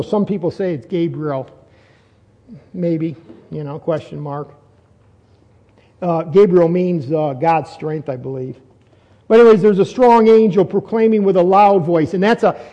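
A man's voice: sits high, warm tone, in a large hall. A man preaching an expository sermon, reading scripture aloud and explaining it, building to emphatic repeated questions. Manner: teaching, reads scripture aloud then explains, rising to emphatic repetition.

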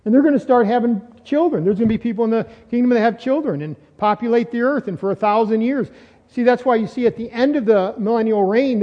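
A high-pitched man preaching in a loose, conversational way, asking his listeners questions as he goes. His voice rings out with a long reverb in a church hall. The recording sounds dull and lo-fi. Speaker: pastor. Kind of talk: sermon.

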